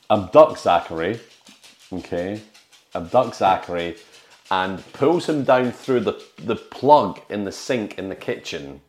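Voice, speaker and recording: A man co-hosting a podcast chats casually about a film, speaking slowly in a lowish voice with lively intonation and retelling scenes with many restarts. The room sounds echoey.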